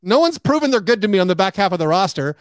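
A man talking as a guest on a podcast, animated, full of "like" and acting out what other people say. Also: sits high, fast talker, no echo. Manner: animated, acts out quoted remarks, heavy use of "like". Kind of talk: casual podcast chat.

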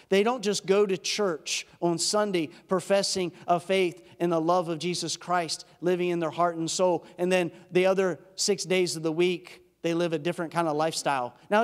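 A man, a pastor, giving an earnest, emphatic sermon that swings from loud peaks to hushed, intimate drops. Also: sits high. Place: church sanctuary. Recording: church hall reverb.

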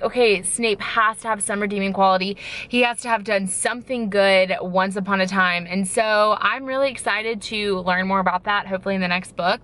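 A young woman in her twenties vlogging about a book she loved, gushing and excitable, with lots of "like". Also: medium pitch. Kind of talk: casual chat.

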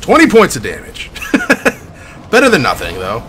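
Excitable gamer man, lively bright voice. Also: a little high, unhurried, slight background noise. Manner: excitable, swings from loud outbursts to mutters; casual, swears, talks to chat. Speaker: gaming streamer. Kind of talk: live gameplay commentary.

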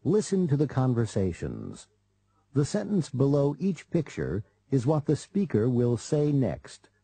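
Measured male lesson narrator. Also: medium pitch, huge pitch swings, mellow, slightly rough, dry recording. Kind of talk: scripted instructional narration.

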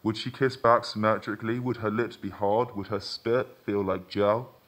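A man with a fairly low voice reads a first-person short story aloud. His delivery is measured and intimate, moving through the scene steadily. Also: fairly even intonation, fairly bright tone. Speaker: author reading a story. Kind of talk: literary reading of a short story.

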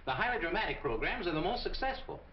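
An eager, lively radio showman. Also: sits high, fast talker, slight background noise. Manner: eager, pleading, theatrical. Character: eager male radio performer pitching a show. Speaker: radio impersonator. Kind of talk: 1940s film acting. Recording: echoey, dull old film soundtrack.

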